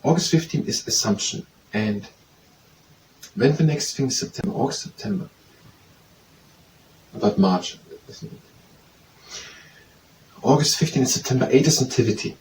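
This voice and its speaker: A man's voice: mid-range voice, a little mellow. Man thinking aloud while memorizing, repeats himself, distant mic, faint hiss behind. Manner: repetitive self-quizzing, hesitant restarts.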